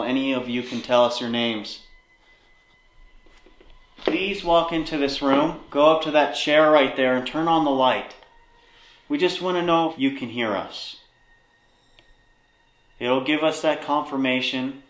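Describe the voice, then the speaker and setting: Man coaxing spirits in an echoey room. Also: medium pitch. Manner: earnest, pleading, coaxing. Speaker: paranormal investigator host. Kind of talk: calling out to spirits on a ghost hunt. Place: inside an old haunted building. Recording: roomy echo.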